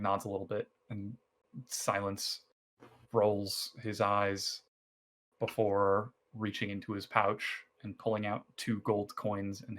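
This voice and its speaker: A man narrating a tabletop game as dungeon master in a relaxed, conversational way. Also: lowish voice.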